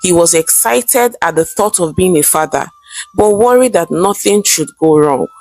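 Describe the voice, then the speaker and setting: A woman's voice: lowish voice, expressive, normal speed, vocal fry, a little mellow. A woman narrating a folktale in a dramatic storyteller manner. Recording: faint background music.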